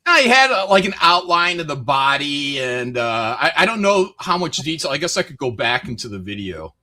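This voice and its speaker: A man with a fairly high, bright voice that swings widely in pitch as he hosts a laid-back livestream. He talks in a loose, rambling way, stacking asides and restarts as he tells stories. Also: moderate pace. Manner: loose, rambling, animated storytelling. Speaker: stream host. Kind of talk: casual livestream chat.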